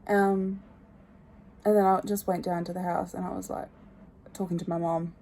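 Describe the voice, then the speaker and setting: A young woman in her twenties chatting to her phone camera, rambling and candid, often trailing off quietly. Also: lowish voice, level tone, moderate pace, a little hiss or hum. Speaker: vlogger. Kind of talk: casual chat to camera. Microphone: phone held at arm's length.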